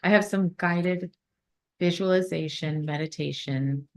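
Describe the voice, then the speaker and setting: A woman giving a motivational talk in a conference room, then leading a guided visualization in a calm, soothing way. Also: lowish voice. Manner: warm, slow and soothing when guiding the meditation. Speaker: motivational speaker. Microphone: phone.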